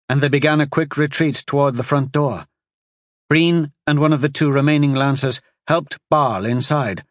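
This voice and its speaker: Male audiobook narrator, mid-pitched, steady dramatic read, dry close sound. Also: no echo. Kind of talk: scripted narration.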